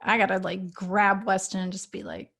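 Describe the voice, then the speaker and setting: A woman in her thirties speaks in a relaxed, advice-giving way on a podcast, often adding "you know." Her voice sits at a middle pitch with a clear gravelly fry. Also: moderate pace. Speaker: podcast guest or host, parent. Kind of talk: casual podcast conversation.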